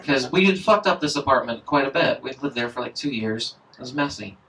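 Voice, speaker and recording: At an indoor live reading, an author tells a story from memory, his mid-range voice expressive, fairly quick, pushed and bright. The telling is casual, rambling, and profane with many fillers, and the mic catches him from far off.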